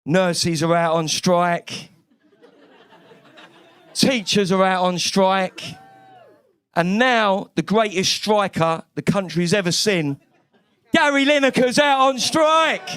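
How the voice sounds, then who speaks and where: A man's voice: high-pitched, a bit bright, smooth. A man from East London with a London accent, doing a brash, cheeky stand-up comedy set on a club stage with lots of swearing.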